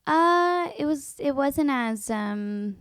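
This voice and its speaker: A woman co-hosting a casual home podcast with her partner, pregnant, relaxed and giggly, agreeing easily and telling stories about high school. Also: slow, dry recording, clean studio sound. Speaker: podcast co-host. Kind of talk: casual chat.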